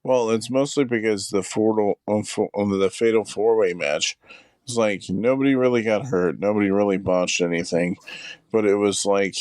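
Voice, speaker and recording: A man's voice: fairly low pitch, steady tone, normal speed, darkish tone, no room sound. Rambling male podcast co-host, dry sound. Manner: rambling, full of fillers and quoted asides. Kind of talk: casual chat.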